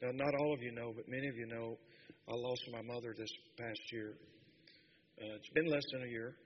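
A middle-aged man, preaching a sermon as a pastor and telling a personal story in a halting, heartfelt way, speaking straight to his congregation. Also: medium pitch, fairly even intonation, slight background noise. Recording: reverberant hall, dull lo-fi sound.

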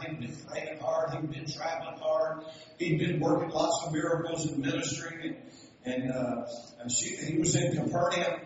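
A man preaching a sermon, telling stories and building to loud, emphatic passages. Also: on the high side, slight background noise. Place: church sanctuary. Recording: echoey hall, from far off, dull sound.

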